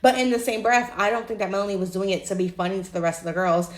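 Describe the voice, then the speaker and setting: A woman's voice: mid-range voice, fast, roomy sound. A young woman ranting casually about a reality show, blunt and profane, acting out what people said. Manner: animated, blunt, profane, acts out quotes. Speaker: reality TV commentator. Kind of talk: casual opinion rant to camera.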